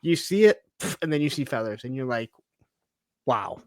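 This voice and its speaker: A man co-hosting a casual TV recap chat, thinking aloud with fillers and quick asides. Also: mid-range voice, expressive, a little mellow. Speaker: podcast co-host.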